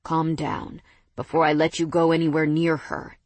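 A woman's voice: sits low, little pitch movement, normal speed, darkish tone, no room sound. A woman voicing a protective young man who snarls back firmly and defiantly in an audiobook scene. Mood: stern. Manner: firm, snarling, cursing. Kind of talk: audiobook character voice.

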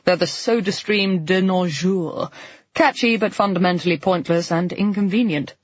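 A witty young man trades gossip in an arch drawl, voiced by a male narrator. The voice is a little husky, and the recording is dry. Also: high-pitched, moderate pace, no room sound, muffled recording.

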